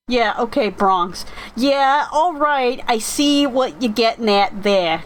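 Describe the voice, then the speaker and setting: A woman's voice: on the high side, lively intonation, takes it slowly, hardly any pauses, poor audio. A woman streaming from home in casual live-stream chat, rambling and often correcting herself with many fillers. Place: home, sitting in a rocking chair.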